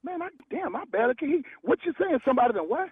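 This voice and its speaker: A man's voice: very high voice, sing-song, racing. Exasperated man on a tinny phone line. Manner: blunt, exasperated, swearing, repeating himself. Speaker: prank call target. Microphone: telephone.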